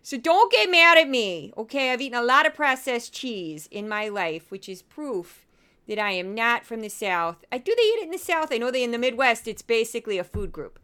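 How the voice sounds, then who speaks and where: This is a dorky announcer with a broad, folksy Minnesota accent, put on by a woman, pitched high and delivered loud. The voice is bright and clear. It is a goofy podcast bit. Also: animated, brisk. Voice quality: exaggerated folksy drawl.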